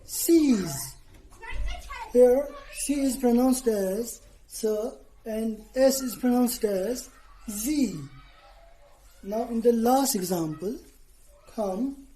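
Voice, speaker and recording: Slow, deliberate woman teacher. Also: on the high side, dark tone, rough recording. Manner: slow, deliberate, spells out letters and repeats "okay". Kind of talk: scripted lesson to students.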